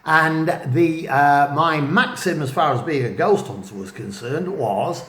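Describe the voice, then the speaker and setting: Brief: slow-talking man from northwest England, fairly high voice, self-mocking storyteller. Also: a bit bright, reverberant, slight background noise. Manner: rambling, self-mocking, chuckling asides. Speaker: writer and vlogger. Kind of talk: casual storytelling monologue.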